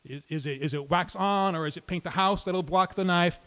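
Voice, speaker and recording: Man, high voice, live comic storytelling, wry, conversational. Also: brisk, fairly bright tone, a little hiss or hum.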